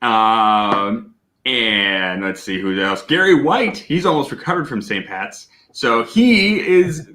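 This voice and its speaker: Loud guy hosting a whiskey stream, bright voice, pitch bouncing all over. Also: slow pace. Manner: loud and animated, laughs often. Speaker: host of a whiskey tasting stream. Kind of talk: casual livestream chat.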